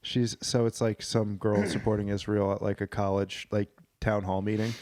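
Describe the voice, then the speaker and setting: A man's voice: on the low side, flat delivery, moderate pace, darkish tone, dry recording, clean studio sound. A man co-hosting a podcast, chatting casually, rambling and swearing with the odd silly put-on voice. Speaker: podcast co-host.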